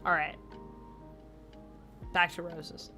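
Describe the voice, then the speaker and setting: A woman's voice: fairly low pitch, level tone, slow, sharp tone. A woman chatting casually on a livestream while she colors, reading out and thanking viewers. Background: faint background music.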